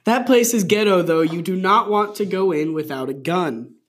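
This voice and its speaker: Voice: mid-range voice, moderate pace. A speaker reading a story aloud with teasing, sarcastic asides in a comedic way.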